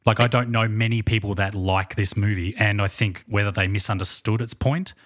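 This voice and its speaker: Male podcast co-host, low voice, dry sound, earnest and emphatic. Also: steady tone, a little fast, fairly bright tone, dry recording. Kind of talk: casual movie discussion.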